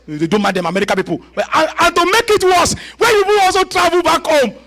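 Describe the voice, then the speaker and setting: A man with a Nigerian accent, a guest pastor preaching a sermon in a church with laughter and shouted prayer. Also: very high-pitched, animated, fast.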